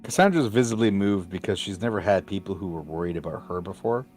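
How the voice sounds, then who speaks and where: Male player, low voice, careful descriptions with pauses; faint music behind. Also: lively intonation, a little mellow. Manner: thoughtful, measured, with hesitations. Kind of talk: describing a character's actions in a tabletop game.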